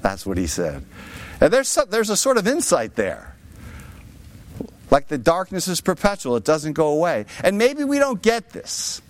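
A man's voice: sits high, huge pitch swings, moderate pace. A man preaching a sermon, with rhetorical asides to his listeners. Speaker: pastor.

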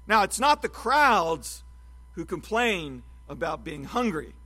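A preacher with a high, forceful, sing-song voice gives an expository Bible sermon. His teaching is measured and emphatic, pressing hard on key words, and his tone stays bright and clear.

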